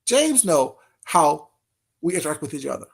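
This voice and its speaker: A man's voice: a little high, big pitch swings, normal speed, creaky, husky. A man hosting a casual livestream, talking straight to his chat in a heated, repetitive way. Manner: heated, talks straight to chat, repeats phrases. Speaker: livestream host.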